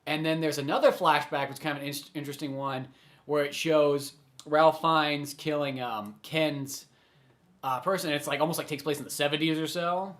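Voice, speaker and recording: A man's voice: fairly high pitch, steady tone, normal speed, fairly bright tone. A man co-hosting a casual film podcast, rambling with lots of "like" fillers and frequent laughs. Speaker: podcast co-host. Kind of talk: casual chat about films.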